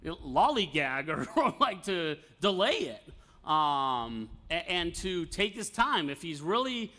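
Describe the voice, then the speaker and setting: A man's voice: high-pitched, very animated, takes it slowly, bright, forceful tone. A man teaching an informal Bible study, talking conversationally with fillers and light laughs.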